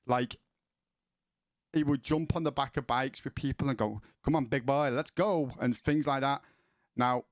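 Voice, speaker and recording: A man's voice: mid-range voice, no echo. A man streaming, chatting casually with viewers in a rambling way, with many restarts and questions to chat.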